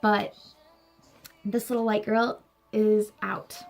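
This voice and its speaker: Young woman talking straight to camera, earnest and churchy, kinda gravelly, faint music behind. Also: medium pitch, little pitch movement, takes it slowly. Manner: earnest, encouraging, religious. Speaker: vlogger. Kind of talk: heartfelt personal talk to camera.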